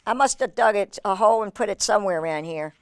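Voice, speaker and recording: A woman's voice: mid-range voice, fast talker, clean tone, no room sound, clean studio sound, close to an everyday voice. A woman voicing a cheerful, playful male squirrel in a storybook reading. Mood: puzzled.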